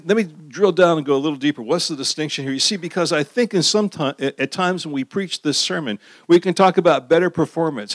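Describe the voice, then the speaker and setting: A middle-aged pastor preaching a sermon in a conversational way, asking the audience questions and repeating phrases for emphasis. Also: male voice, on the high side, no echo, studio quality.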